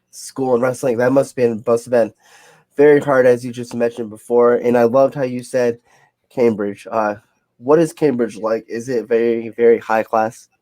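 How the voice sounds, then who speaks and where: A man's voice: medium pitch, mellow, dry recording. A man from the United States hosting a podcast, asking questions in a rambling, filler-heavy way. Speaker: podcast host. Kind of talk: casual interview chat.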